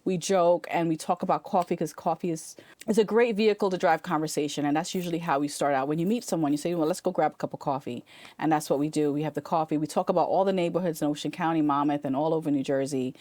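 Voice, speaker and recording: A chatty, animated woman with a lowish voice talks as an interview guest. She laughs easily and trips over her own restarts. The sound is close and dry. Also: fast talker, no echo. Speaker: estate sale owner and real estate agent, guest. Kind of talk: casual interview chat.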